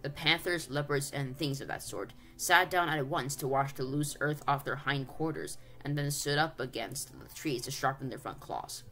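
Brief: channel reader narrating a storybook, mid-pitched, soft music under. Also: moderate pace, few pauses. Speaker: audiobook reader. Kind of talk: storybook read-aloud narration.

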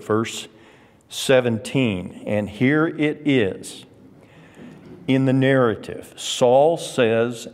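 Male Bible class teacher, measured and slow, very animated pitch, reverberant hall sound. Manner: emphatic, drawn-out stresses on key words. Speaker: Sunday school teacher.

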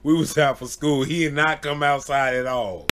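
Animated man telling a story casually. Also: a little high, moderate pace. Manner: animated, laughing often, acts out voices. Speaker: vlogger.

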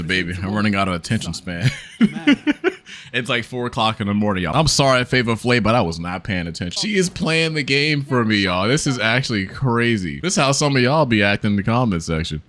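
Lively joking young gamer man. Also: fairly low pitch. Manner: profane, joking, talks to viewers. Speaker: gaming YouTuber. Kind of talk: casual gameplay commentary.

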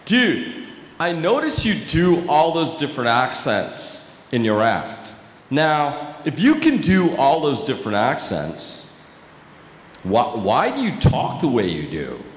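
A man's voice: mid-range voice, huge pitch swings, takes it slowly, pitched below the performer's own voice. A man voicing a big, bald guy who keeps saying "dude, bro", heard in an echoey live hall. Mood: pushy. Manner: blunt, repeats "dude, bro". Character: big bald American man, pushy and blunt.

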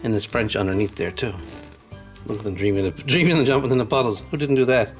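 A channel host casually unboxes toys and reads a children's storybook aloud, chatting to young viewers as he goes. His voice is medium-pitched and quick, with faint music behind it.

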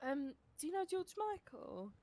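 A woman's voice: high voice, sing-song, normal speed, a little mellow. A woman, blunt and giggly in casual role-play banter.

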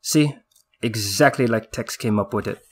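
A man's voice: fairly low pitch, moderate pace, breathy edge. A man voicing a mocking male army veteran who teases his friends. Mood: teasing. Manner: teasing.

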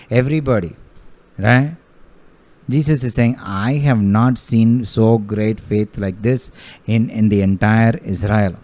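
A man's voice: fairly low pitch, warm tone. A man preaching a sermon, emphatic, repeating key phrases and calling out hallelujah.

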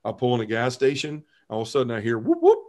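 Man in his 40s, podcast guest, middle pitch, earnest animated storyteller. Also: rapid-fire. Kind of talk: telling his conversion story.

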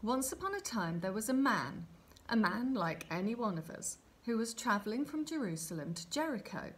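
Woman storyteller, children's Bible story read aloud, expressive, lively pitch. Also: normal speed.

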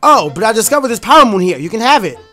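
Captain Toad, a man doing a squeaky chipper mushroom explorer. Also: sing-song, quick pace, sharp tone, exaggerated voice. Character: cheerful little mushroom explorer, male.

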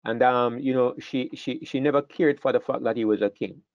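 A man's voice: mid-range voice, steady tone, fairly quick, no echo, lo-fi sound. An older man teaches a Bible class in an earnest way, often repeating words as he thinks.

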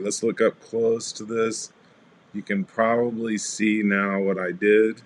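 Chatty deep-voiced man hosting a craft livestream. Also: takes it slowly. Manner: chatty, greets live chat viewers by name; relaxed, rambling with fillers. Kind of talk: casual craft demo livestream.

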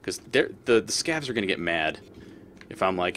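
Low-voiced man cursing at game creatures. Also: big pitch swings, moderate pace, a bit bright, a little hiss or hum. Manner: swears often, talks back at game creatures. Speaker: let's play host. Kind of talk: casual gameplay commentary.

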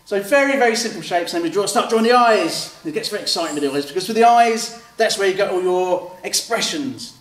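A man's voice: high voice, lively intonation, quick pace, few pauses, fairly bright tone. Man talking through a drawing demo. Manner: chatty, explains step by step, acts out kids' replies. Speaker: author and illustrator. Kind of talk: drawing demonstration with commentary. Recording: roomy sound, mic at a distance, faint background noise.

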